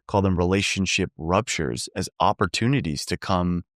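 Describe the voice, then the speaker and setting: A man with a very low voice hosts a podcast interview. He answers with short affirmations and thoughtful follow-ups. The sound is close and dry. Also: moderate pace, fairly bright tone, no room sound. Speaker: podcast host. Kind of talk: interview hosting.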